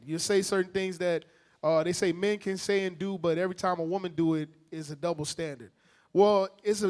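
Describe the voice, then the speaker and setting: A man teaching a congregation from the Bible in a casual, slangy, animated way with call-and-response. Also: high-pitched.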